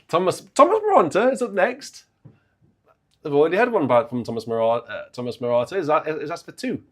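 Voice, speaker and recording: A man's voice: a little high, very animated, fairly quick, long pauses. A British man hosting a livestream from the organ, chatting playfully and teasing viewers in the chat.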